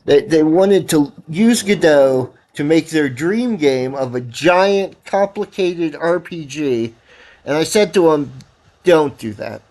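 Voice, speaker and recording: A man's voice: a little high, takes it slowly, a little mellow. A man casually talking while programming on a livestream, rambling and correcting himself as he gives advice, sounding a bit tired. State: tired, yawning. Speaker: livestreaming game developer.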